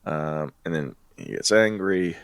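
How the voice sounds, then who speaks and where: Low-voiced man rambling through a plot recap. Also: unhurried, clear, resonant tone, dry recording. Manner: laughs often, rambling with many fillers. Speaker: podcast co-host. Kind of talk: casual chat retelling a film plot.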